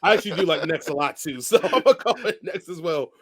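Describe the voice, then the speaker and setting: A man co-hosting a podcast, chatting casually about movies, who often agrees with quick repeated words and laughs along. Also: fairly high pitch, lively intonation. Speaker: podcast co-host. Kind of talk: casual movie review chat.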